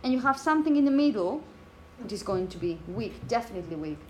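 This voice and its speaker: A woman's voice: mid-range voice, sing-song, fast talker, a little mellow, slight background noise. A woman teaching a phonetics lecture to teachers. She explains step by step, checks in with the class as she goes, and chants example phrases to show the rhythm. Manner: explanatory, checks in with "okay?" and "yeah?".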